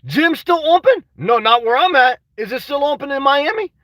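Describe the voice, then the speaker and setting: A young man on a casual livestream, reading chat aloud and talking restlessly, tacking "man" onto almost every line and now and then rising to shouts. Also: very high voice, animated, moderate pace, dry recording, recorded from a distance. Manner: restless, says "man" constantly, swings to shouting. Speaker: vlogger reading live chat.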